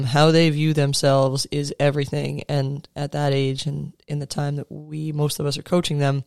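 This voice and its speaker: A man's voice: a little high, clear, resonant tone, no room sound, clean studio sound. A man in his thirties, a coach talking to other coaches in an earnest, conversational way, with casual fillers and restarts. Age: 30s. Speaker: sports coach speaking to fellow coaches. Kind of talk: motivational talk.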